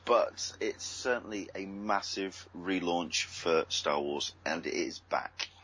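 A man's voice: sits low, slow, fairly bright tone, slightly rough, poor audio. English man chatting as a guest. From United Kingdom. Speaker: podcast guest. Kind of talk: casual group podcast chat.

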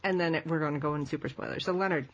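A woman's voice: sits low, racing, lo-fi sound, slight background noise. A woman hosting a casual group podcast, upbeat and laughing often as she introduces her guests. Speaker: podcast host.

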